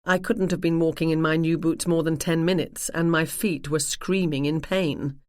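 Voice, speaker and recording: A woman audiobook narrator reading a first-person mystery in a wry, measured manner. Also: sits low, steady tone, darkish tone, no room sound, studio quality.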